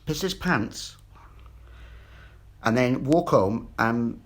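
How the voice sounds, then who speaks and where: A man's voice: mid-range voice, expressive, drawn-out words. A man, ranting in a rambling, sweary monologue and repeating himself. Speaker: vlogger.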